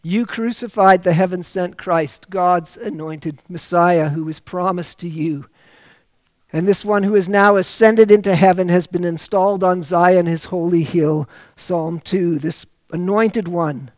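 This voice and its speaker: A man preaching a sermon, reading scripture aloud and rising to loud, slowed emphasis on key phrases. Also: sits high, fairly even intonation, no echo.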